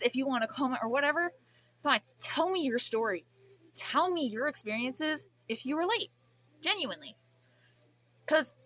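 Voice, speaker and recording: A woman's voice: high voice, bright, forceful tone. A young woman venting to camera in a rambling, emotional way, swearing often. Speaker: vlogger. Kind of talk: emotional vent.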